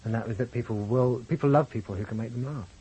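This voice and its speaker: A man with a posh English accent, reminiscing candidly as an interview guest, animated when telling stories. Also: medium pitch, quick pace, breathy edge, low-quality recording. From England, grew up in Birmingham. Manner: reflective, animated storyteller, lifts voice for quotes. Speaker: guest, comedian and impressionist.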